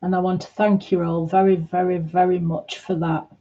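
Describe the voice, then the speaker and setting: A woman chatting gently on a livestream, answering viewers' comments in a reassuring way. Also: lowish voice, flat delivery, normal speed, lo-fi sound. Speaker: livestream host. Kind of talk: casual livestream chat reading comments.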